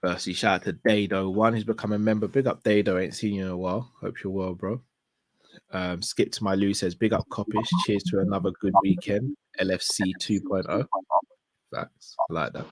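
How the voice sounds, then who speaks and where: A man hosting a casual live stream, reading out viewer messages in a relaxed, slangy way and giving shout-outs. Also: fairly low pitch, brisk.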